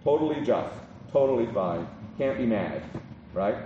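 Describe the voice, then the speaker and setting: A man's voice: mid-range voice, big pitch swings, unhurried, narrow, tinny audio. Guy giving a sermon, lots of ums and "right?", echoey hall, faint room noise. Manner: conversational, many ums and restarts, frequent "right?". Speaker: preacher. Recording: roomy hall from a distance.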